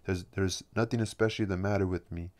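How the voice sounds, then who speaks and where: A man reading as a restless young poet, earnest and low. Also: steady tone, fast, a little mellow, lightly acted. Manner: earnest, pleading.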